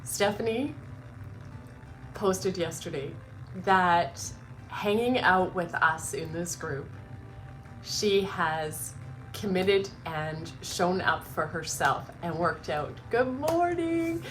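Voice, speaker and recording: A woman's voice: fairly low pitch, takes it slowly, a bit bright, soft background music, low-quality recording. A woman hosting her morning live stream, chatting emotionally, laughing through tears and gushing with many restarts. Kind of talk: casual emotional chat.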